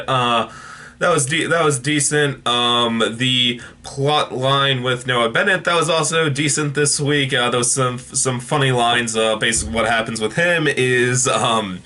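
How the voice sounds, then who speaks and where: Bright-voiced man rambling through a review. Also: medium pitch. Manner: rambling, many fillers and restarts. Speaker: TV episode reviewer. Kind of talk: casual unscripted review.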